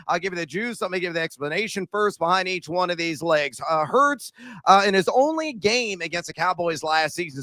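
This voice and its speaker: A man co-hosting a sports betting podcast, exuberant and playful, bursting into shouts as he talks through his picks. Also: a little high, no echo. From Illinois. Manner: playful, sprinkles joke phrases. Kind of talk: casual betting picks chat.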